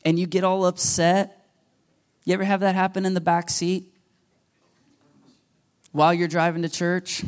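A pastor delivering a sermon in a relaxed, chatty way, with a voice sitting a touch higher than most men's. He mixes light humor into the teaching and slips into playful acted quotes now and then. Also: moderate pace, pauses often, smooth. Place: church.

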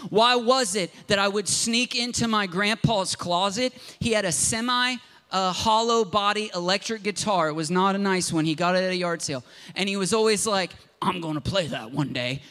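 A pastor from Southern Ohio preaching a sermon and mixing scripture with personal stories. His voice sits high for a man and has a bright, forceful ring. He talks in an impassioned, conversational way. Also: normal speed, clean tone.

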